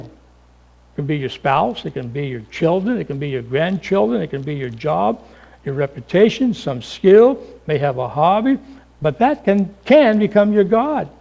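A middle-aged male pastor preaching a sermon, dramatic, acting out voices and swinging between loud calls and hushed lines, calling the listeners folks. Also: sits high. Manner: addresses the congregation as folks.

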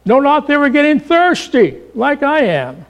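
A middle-aged male pastor preaching a sermon, dramatic, acting out voices and swinging between loud calls and hushed lines, calling the listeners folks. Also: extremely high pitch, sing-song, unhurried, muffled recording. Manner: addresses the congregation as folks.

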